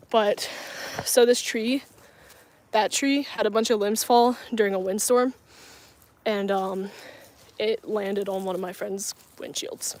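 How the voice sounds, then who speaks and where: A woman in her twenties from coastal North Carolina, chatting casually with her viewers on a phone camera while outdoors, laughing often as she answers their comments. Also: medium pitch. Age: 20s. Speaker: vlogger. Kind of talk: casual livestream chat. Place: outdoors, parking lot and grassy area.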